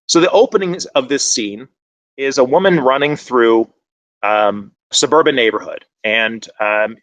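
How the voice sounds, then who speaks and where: Animated man presenting, dry close sound. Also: medium pitch, dry recording. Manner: conversational and animated, many fillers. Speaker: conference presenter. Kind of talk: online conference presentation.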